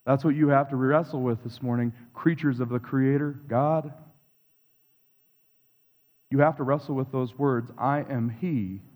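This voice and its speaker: A man's voice: mid-range voice, fairly even intonation, a little slow, pauses often, a little mellow. Reflective male preacher in a reverberant hall. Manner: reflective, confessional, builds through repeated phrases. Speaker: pastor. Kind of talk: sermon. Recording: long reverb of a large hall.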